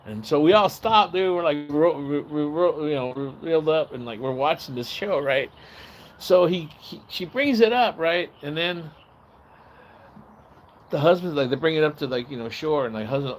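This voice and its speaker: A man livestreaming, telling a long casual story in a rambling, profane way and acting out the shouts and voices of the people in it. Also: fairly high pitch, animated, moderate pace, slight background noise. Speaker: live streamer. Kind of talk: casual storytelling on a live stream.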